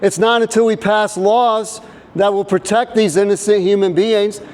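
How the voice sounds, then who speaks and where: Loud high-voiced man preaching outdoors. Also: fairly even intonation, moderate pace, low-quality recording. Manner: loud, insistent, preacher-like declaiming. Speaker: street activist. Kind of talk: open-air street preaching. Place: outdoors by a government building.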